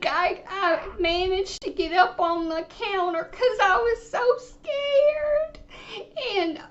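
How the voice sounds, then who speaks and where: A timid, rambling elderly lady on the phone, put on by a woman. Her voice sits very high and crawls along slowly, full of halts and restarts. The line sounds dull and lo-fi. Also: a bit bright, exaggerated voice. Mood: tearful rambling. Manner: halting, stammering, rambling.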